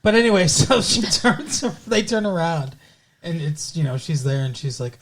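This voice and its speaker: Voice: mid-range voice, expressive, moderate pace, husky. Laughing podcast host recapping scenes. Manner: acts out characters in quoted voices, swears, laughs often. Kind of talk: casual recap chat.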